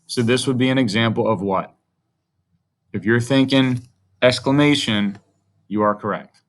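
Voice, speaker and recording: A man teaching a grammar lesson to young children, speaking in a patient, friendly way. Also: medium pitch.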